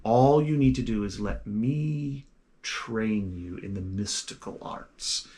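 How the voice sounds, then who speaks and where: A man voicing an elderly gentleman mage who tempts a young man with power, speaking softly and slowly. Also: lowish voice. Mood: persuasive. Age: older. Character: elderly gentleman mage mentor, smooth and persuasive.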